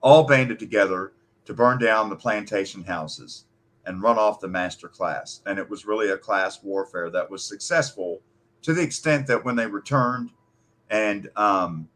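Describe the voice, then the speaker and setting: A man's voice: on the low side, moderate pace, fairly bright tone. A man from the United States in heated political talk, impassioned and emphatic, swearing freely.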